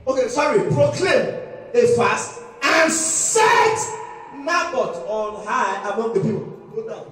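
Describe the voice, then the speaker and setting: A man preaching a sermon as pastor, emphatic, breaking into shouts and sung phrases, recorded in a church hall during a live service. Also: extremely high pitch, expressive, slow. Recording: echoey hall, distant mic, faint music.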